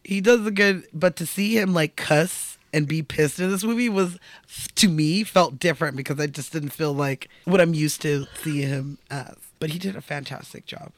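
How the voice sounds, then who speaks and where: Animated, profane man co-hosting a podcast. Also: a little high, moderate pace, dry recording. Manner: animated, profane, laughs a lot. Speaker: podcast co-host. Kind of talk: casual chat.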